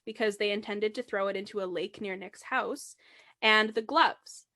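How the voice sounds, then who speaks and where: A woman hosts a casual true-crime podcast and tells the story in an animated way. Her voice sits a touch high and swings widely in pitch. She laughs easily between points. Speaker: podcast host.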